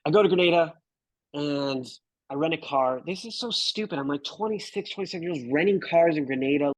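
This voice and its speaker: Guest photographer in his thirties: husky, casual storyteller, lots of dude and bro. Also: on the high side, a little fast, no room sound, rough recording. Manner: laid-back, swears, says dude and bro.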